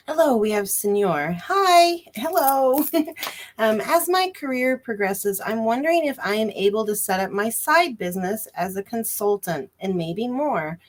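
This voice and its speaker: A woman's voice: a little high, expressive, measured pace. A woman giving a psychic reading on a live stream, reassuring and emphatic, stretching out her phrases. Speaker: psychic reader.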